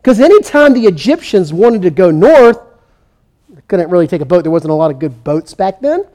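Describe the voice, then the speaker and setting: Guy preaching, pretty high voice, animated storytelling, acts out the kings and prophets. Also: moderate pace. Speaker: pastor. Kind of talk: sermon.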